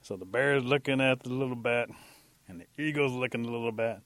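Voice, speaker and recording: A man telling a traditional animal story in a relaxed, unhurried, folksy way. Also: medium pitch, dry recording.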